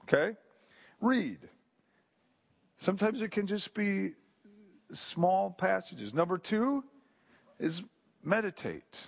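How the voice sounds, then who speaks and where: A man's voice: high voice, very animated, takes it slowly, vocal fry, long pauses, slightly rough. A man giving an informal sermon to a group, conversational and story-driven, with frequent restarts and asides. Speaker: pastor or Bible teacher.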